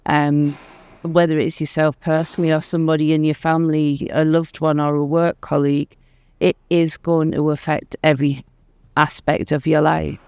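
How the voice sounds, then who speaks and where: Male panelist, somewhat high voice, smooth tone, earnest, measured. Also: little pitch movement, a little mellow, no room sound. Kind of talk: panel talk. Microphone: handheld microphone.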